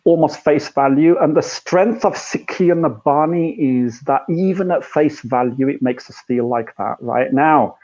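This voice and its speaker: Animated man, rhetorical, lo-fi. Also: on the high side, measured pace, hardly any pauses. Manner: animated, rhetorical, frequent "right?" and "you know". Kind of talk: reflective conversation. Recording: dull lo-fi sound.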